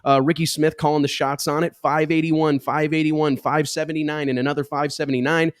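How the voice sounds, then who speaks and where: A man's voice: a little high, flat delivery, a little fast, smooth, no echo, studio quality. Enthusiastic man hosting a racing show. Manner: enthusiastic, reads off stats. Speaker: show host. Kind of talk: casual racing talk show.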